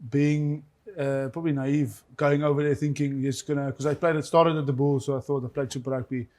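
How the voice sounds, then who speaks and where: A man from South Africa whose first language is Afrikaans, a former rugby player chatting as a guest and telling stories with fillers and halting restarts. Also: on the high side, level tone, darkish tone. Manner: rambling storyteller, halting with fillers. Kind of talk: casual chat.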